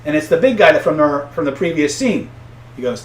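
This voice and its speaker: Man, raised voice, live-stream coaching, casual and conversational, loud acted-out outbursts in stories, echoey room, faint hum behind. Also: on the high side, animated, fairly quick. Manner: conversational, tags points with "right?"; acts out angry voices loudly in stories. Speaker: influence coach. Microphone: own camera setup.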